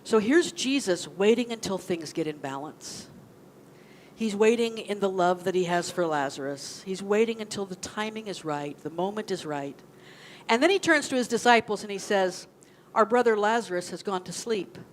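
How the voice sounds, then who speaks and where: Woman minister, casual sermon, middle pitch, faint church ambience. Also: lively intonation, moderate pace, a little hiss or hum. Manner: conversational, asks the congregation questions. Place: church sanctuary.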